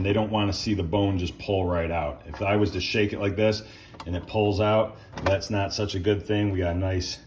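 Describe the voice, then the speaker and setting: A man hosting a casual cooking demonstration, talking in a relaxed way while he tastes the food. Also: on the low side, background noise. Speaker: cooking channel host.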